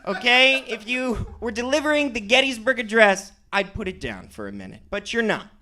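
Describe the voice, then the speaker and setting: Casting: male comic, slightly high voice, lively pitch, cynical deadpan-leaning humor. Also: normal speed. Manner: sardonic, self-described cynic. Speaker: comedian. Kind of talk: stand-up set.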